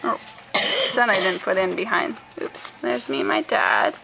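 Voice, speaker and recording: A young woman vlogger showing her handmade scrapbook albums in a soft, chatty way, often trailing off and starting over. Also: mid-range voice, a little slow, creaky. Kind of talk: casual show-and-tell. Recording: faint background noise.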